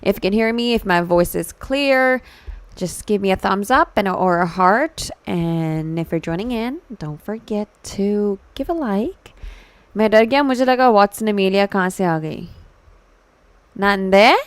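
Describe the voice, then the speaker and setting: A woman VTuber chats casually with her live audience, giggling and teasing viewers as she reads their messages. Her voice is smooth and clean, switching freely between English and Hindi, recorded close and dry on a streaming mic. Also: medium pitch, expressive, brisk, no room sound. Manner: reads and answers chat messages playfully.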